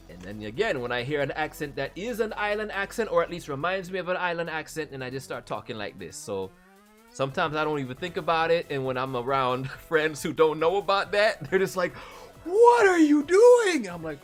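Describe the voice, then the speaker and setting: A man, a voice actor, hosting a casual live stream and answering viewer messages, chatty and animated. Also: fairly high pitch. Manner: chatty and animated, often laughing.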